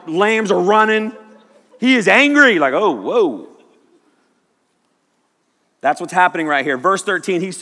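A man's voice: high-pitched, a bit bright. A man preaching a sermon as pastor, joking and acting out the people he quotes. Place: church auditorium. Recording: long hall reverb.

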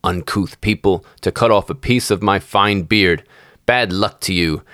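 Man putting on a shrill, snarling old dwarf. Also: lively intonation, normal speed, no echo, clean studio sound, natural voice. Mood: grumbling. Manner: snarling, scolding. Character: grumpy greedy little old male dwarf. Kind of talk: storybook reading.

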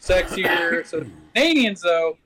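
A man's voice: high voice, lively intonation, a little slow, music in the background, poor audio. A man co-hosting a podcast, arguing in a rambling way with many fillers. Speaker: podcast co-host. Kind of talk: casual banter.

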